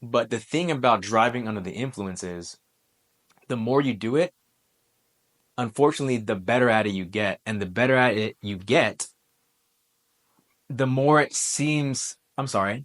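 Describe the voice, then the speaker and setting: A man in his twenties, a former Marine, telling a personal story in a relaxed, conversational way, full of military slang. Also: mid-range voice. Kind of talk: casual storytelling monologue.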